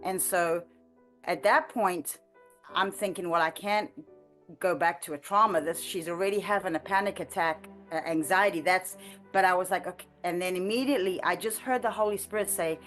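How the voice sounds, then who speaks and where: A woman sharing a personal prayer testimony in an earnest, halting way, with frequent restarts and light laughter. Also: mid-range voice, a bit bright, soft background music. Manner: halting, with many restarts and fillers. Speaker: ministry trainee sharing a testimony. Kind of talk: conversational testimony.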